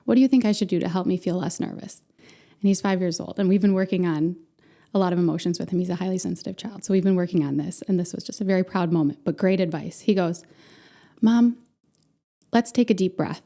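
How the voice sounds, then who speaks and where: Earnest podcast guest lady, 30s, low dark voice, bit of fry. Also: steady tone, quick pace. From United States. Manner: warm, earnest, laughs easily. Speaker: podcast guest, developmental center founder. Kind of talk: casual podcast chat.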